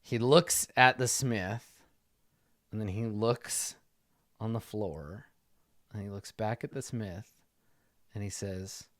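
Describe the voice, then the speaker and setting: A man's voice: on the low side, slow, long pauses, fairly bright tone, dry recording, clean studio sound. A man narrating a tabletop game as game master, describing the scene in a rambling way with many fillers.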